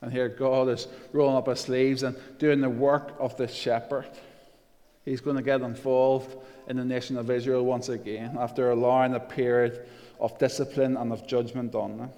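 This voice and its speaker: A male preacher delivering a sermon in a fairly flat, level pitch. He reads scripture slowly and with weight. His voice carries a long reverb, like a church hall. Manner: slow, emphatic scripture reading with rising intensity.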